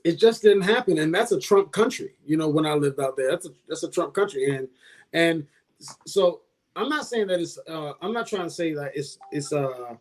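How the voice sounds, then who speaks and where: Rambling man with a slightly high voice. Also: animated, moderate pace. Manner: rambling, hesitant, many restarts and fillers. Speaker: co-host. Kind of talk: casual podcast discussion.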